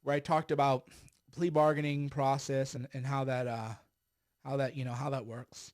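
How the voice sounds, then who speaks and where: A man's voice: mid-range voice, level tone, normal speed, darkish tone. A middle-aged man giving blunt, emphatic political commentary on a livestream while smoking a cigar.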